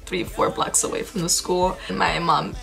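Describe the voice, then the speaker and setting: A woman in a vlog, recounting a personal loss in a halting, emotional way, full of fillers and restarts. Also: fairly low pitch, fairly even intonation, vocal fry, fairly bright tone, low-quality recording. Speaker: vlogger. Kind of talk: personal storytelling.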